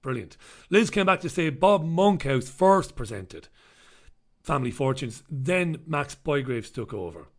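A man's voice: fairly high pitch, lively intonation, unhurried. An Irish man hosting a live stream in casual chat, sardonic and sweary as he greets viewers and riffs on the news. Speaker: livestream host.

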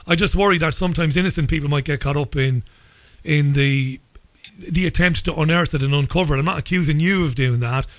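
A male radio host with a fairly high voice, talking with careful, halting restarts. The sound is dry and close to the mic, with no room echo. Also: fairly bright tone. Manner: hesitant, stammering, measured. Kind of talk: interview.

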